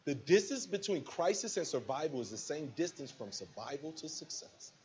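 A man's voice: fairly high pitch, big pitch swings, moderate pace, darkish tone, muffled recording. A man giving a preachy motivational speech to a live audience, acting out little scenes with quoted voices. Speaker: motivational speaker at a business event.

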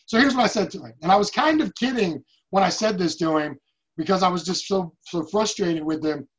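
Brisk and high-voiced, this man from the United States leads a sales team. The dull lo-fi recording catches his emphatic pep talk, full of stories with acted-out quotes.

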